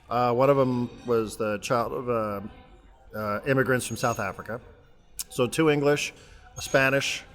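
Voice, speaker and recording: A man co-hosting a casual sports podcast, talking in a rambling, halting way with many restarts. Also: medium pitch, fairly bright tone, long reverb tail. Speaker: podcast co-host. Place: remote, traveling abroad.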